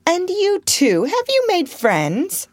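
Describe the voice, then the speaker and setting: A woman voicing a proud, agitated young countess who speaks in a shrill, commanding way in an audiobook. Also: big pitch swings, measured pace, dry recording, studio quality. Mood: brisk. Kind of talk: audiobook character reading.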